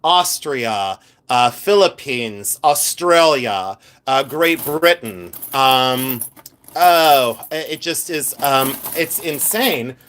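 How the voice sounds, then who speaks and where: A middle-aged man talking off the cuff on a home live stream, sorting and showing off his finds. His talk is playful and scattered, full of asides, restarts and quick laughs. His voice sits at an ordinary middle pitch. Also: lively intonation, fairly bright tone. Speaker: live-stream jewelry reseller. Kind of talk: casual live-stream chat.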